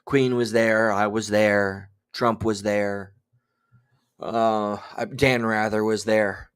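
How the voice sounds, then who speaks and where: A man's voice: fairly low pitch, steady tone, a little slow, smooth. A man hosting a casual livestream, chatting loosely and reading out viewer names. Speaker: livestream host.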